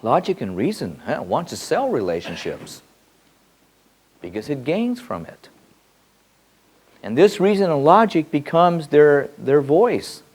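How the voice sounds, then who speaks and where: A man giving a spiritual talk to a group, his pitch lively and wide-ranging. He repeats words and restarts his sentences as he thinks aloud. His voice moves from soft, low musing to sudden excited bursts. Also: unhurried, pauses often. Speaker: spiritual teacher. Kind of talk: spoken teaching to a group.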